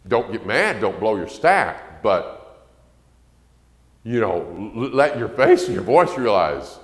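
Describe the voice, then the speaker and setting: A man preaching a sermon on parenting in a folksy way, acting out quoted parents in a shrill voice. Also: sing-song, takes it slowly, long pauses. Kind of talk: sermon lesson to a congregation. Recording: echoey church hall.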